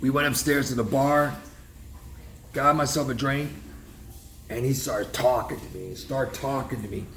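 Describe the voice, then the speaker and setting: A man tells a story in a loose, casual vlog way, emphatic and rambling, with his sentences often restarting midway. His voice sits at an ordinary middle pitch. The recording carries a roomy echo and a faint wash of ambience behind him. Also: moderate pace, pauses often, a bit bright, slight background noise. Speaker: realtor vlogger.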